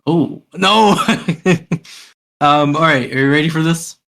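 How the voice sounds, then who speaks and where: A man hosting a podcast, chatting casually in an unhurried way with fillers. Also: a little high, vocal fry, fairly bright tone. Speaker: podcast host. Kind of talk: casual chat.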